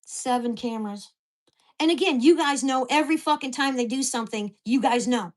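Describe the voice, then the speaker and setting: A woman vlogger ranting to the camera, with profane, fast-shifting storytelling and an exasperated, indignant tone. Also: high-pitched. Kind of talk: angry rant to camera.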